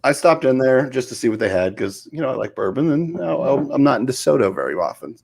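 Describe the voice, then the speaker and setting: A man's voice: medium pitch, big pitch swings, quick pace, vocal fry, darkish tone, breathy edge. A middle-aged man co-hosting a casual show, chatting in an easygoing, rambling way. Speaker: podcast co-host. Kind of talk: casual chat.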